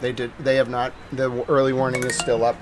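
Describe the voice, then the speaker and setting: A man's voice: medium pitch, monotone, fast, noisy background. A man in his thirties with a Boston accent, talking casually on a news livestream and rambling with lots of fillers. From New England.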